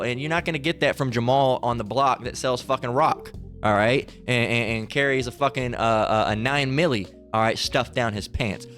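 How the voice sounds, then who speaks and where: A man's voice: mid-range voice, a little fast, a bit bright, faint music behind. Fiery preaching man, many restarts. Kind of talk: heated preaching monologue.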